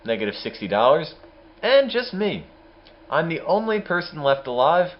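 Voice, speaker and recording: A man's voice: on the high side, big pitch swings, normal speed, muffled recording, soft background music. A man streaming a game, giving casual, sarcastic commentary. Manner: sarcastic, joking.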